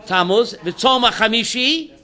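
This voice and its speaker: Animated joking rabbi, bright high voice. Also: male voice, unhurried. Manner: animated storyteller, acts out quotes. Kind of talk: informal Torah class with jokes.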